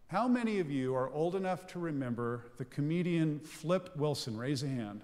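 A man in his fifties, a pastor preaching a sermon in a church, reading scripture slowly and explaining it in an unhurried teaching tone. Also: mid-range voice, sing-song, darkish tone. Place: church sanctuary. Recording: long reverb of a church hall.

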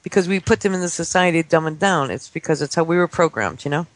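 A man in his forties, a guest on a talk radio show, telling stories excitedly and acting out the voices of children. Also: a little high, fast talker, no room sound. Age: 40s. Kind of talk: casual talk-radio chat. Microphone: studio microphone.

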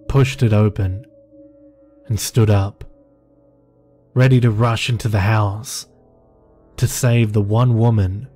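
A man narrating a horror story in a slow, measured first-person telling. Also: fairly low pitch, dark tone. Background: faint music.

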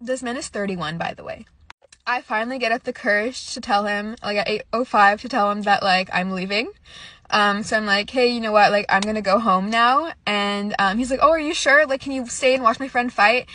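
A woman's voice: medium pitch, normal speed, bright, forceful tone, dry recording. A young woman casually telling a story, rambling with lots of "like" and nervous little laughs. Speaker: storyteller recounting a date.

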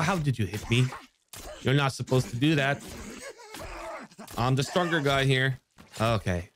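A young man giving excitable let's play commentary on a survival game, swearing and shouting in surprise. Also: a little hiss or hum. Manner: excitable, swears, jumps high when surprised. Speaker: gaming YouTuber.

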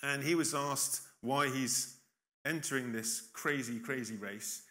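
Keynote speaker, male, bright forceful voice, conversational with dry ironic asides. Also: mid-range voice, measured pace. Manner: chatty and self-deprecating, with dry irony. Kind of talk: conference keynote talk. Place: conference hall stage.

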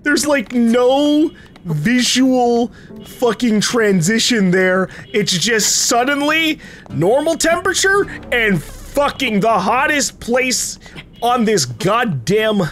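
Man playing a game on video, very animated pitch, slow unhurried talk, curses often, faint game music behind. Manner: swears a lot, yelps and laughs in panic. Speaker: let's play host. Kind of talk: gameplay commentary.

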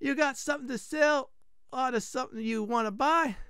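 A man's voice: extremely high pitch, normal speed, sharp tone, smooth, no room sound, studio quality, voice pushed up, heavily acted. A man voicing an impatient middle-aged male blacksmith in an exaggerated Italian accent. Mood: brusque. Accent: Italian, put on.

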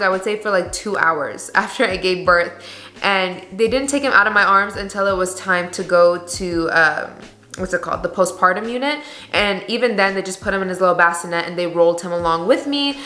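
A woman's voice: medium pitch, bright, forceful tone. A young woman vlogging in a candid, chatty way, full of "like" and "you guys.". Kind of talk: casual chat to camera. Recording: echoey room.

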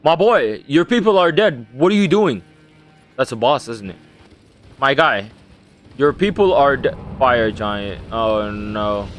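A young man giving loud, profane, excitable commentary while playing a video game. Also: medium pitch. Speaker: gaming streamer. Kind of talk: casual gameplay commentary.

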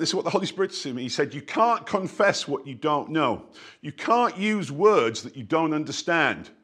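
A man delivers a sermon as the church's pastor, in a voice pitched a little higher than most men. He preaches with emphasis, punctuating his phrases with frequent "yeah" asides. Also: fairly bright tone.

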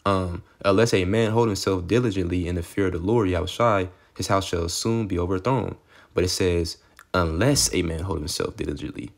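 A man with a very low, gravelly voice preaching a casual street-style sermon. He reads scripture and then riffs on it in a loose, conversational way, peppering his lines with "okay" and "man." He gets excitable and sometimes drops to a low murmur. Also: fairly quick.

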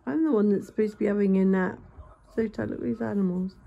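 A woman's voice: mid-range voice, lively intonation, normal speed, gravelly, pauses often, dark tone, lo-fi sound. A woman, vlogging while talking baby talk to her pets. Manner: cooing baby talk to animals. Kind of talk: casual chat with pets.

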